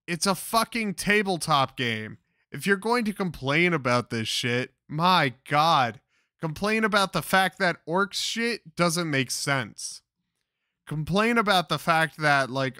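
A young man rants in a bright, tense voice, dragging his words out slowly while swearing and scoffing. The sound is dry and close, with almost no room around it. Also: sits high, expressive, smooth, no room sound. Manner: crude, exasperated, swearing constantly. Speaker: commentator reacting to clips. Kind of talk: profane ranting commentary.

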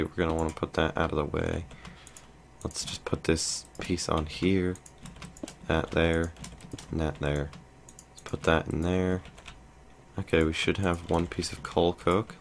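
A man's voice: low voice, level tone, measured pace, gravelly, fairly bright tone, a little hiss or hum. A young man hosting a let's play, thinking aloud in casual commentary with lots of fillers and restarts.

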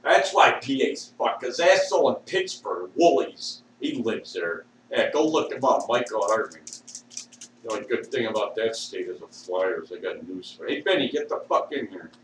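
A man ranting in a rambling way with constant swearing, swinging between shouting and low muttering, recorded at home. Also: big pitch swings, moderate pace. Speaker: vlogger. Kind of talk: rambling profane rant. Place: at home with a dog. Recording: echoey room, distant mic, faint hiss.

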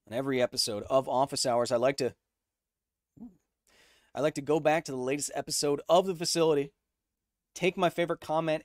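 Energetic man explaining science live. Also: on the high side, dry recording, studio quality. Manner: energetic, explanatory, reads chat questions aloud. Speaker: host. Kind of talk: live-stream Q&A, reading chat.

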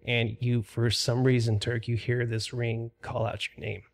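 A man's voice: medium pitch, flat delivery, unhurried, vocal fry. A man narrating a tabletop game as game master, describing scenes steadily with frequent fillers.

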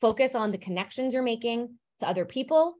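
A woman's voice: fairly high pitch, animated, brisk, a little mellow. A woman career coach talking casually to a live online group, chatty and upbeat, with lots of fillers.

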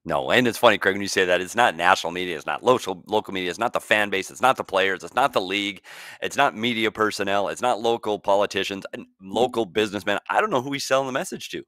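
A man's voice: on the low side, fast, no echo, studio quality. A man co-hosting a heated sports talk show, exasperated and mocking. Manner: animated, exasperated, mocking quotes.

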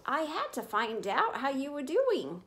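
A streetwise male mouse from a children's book, high and lively, urgent and wheedling, as a woman puts him on. His lines swoop up when he frets. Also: unhurried, a little hiss or hum, full character voice. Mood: fretful.

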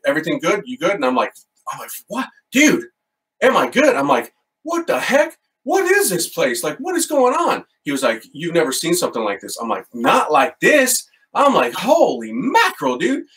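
A middle-aged man, a priest, telling a story in an animated, excitable way, with casual slang. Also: mid-range voice, recorded from a distance, rough recording. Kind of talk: storytelling talk.

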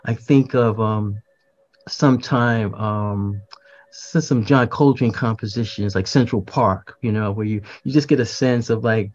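A man's voice: lowish voice, unhurried, lo-fi sound. An older man, a poet, talking about his poem in a reflective, conversational way, often repeating words and restarting phrases. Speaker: poet, podcast guest. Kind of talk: conversational explanation.

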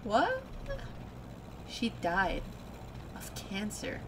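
A woman's voice: medium pitch, wildly swooping pitch, drawn-out words, background noise, full character voice. Woman doing a bitter, scornful crocodile girl. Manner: cold, scornful, biting. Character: bitter, cutting young female crocodile, sharp-tongued.

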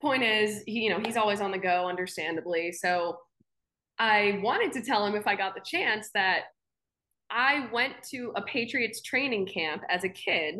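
A woman's voice: mid-range voice, expressive, normal speed, sharp tone. A young woman, a sports anchor, chatting casually as an interview guest, telling anecdotes with frequent laughs and fillers. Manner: chatty storyteller, laughs often, many fillers.

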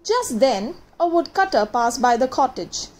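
A woman reading a children's fairy tale aloud, gentle and dramatic, with pauses for effect. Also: high voice, sing-song. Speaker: storyteller.

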